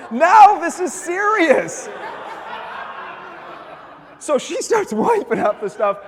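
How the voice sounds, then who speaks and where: A man giving a conference talk, telling a story in an animated way and acting out the voices of the people in it. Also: sits high, long reverb tail. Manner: animated, acts out quoted voices. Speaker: conference speaker.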